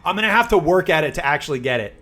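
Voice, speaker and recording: A man streaming live, chatting fast and casually with his viewers and reading their messages aloud. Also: a little high, expressive, fairly bright tone. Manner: chatty, fast-talking, reads chat aloud. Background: background music.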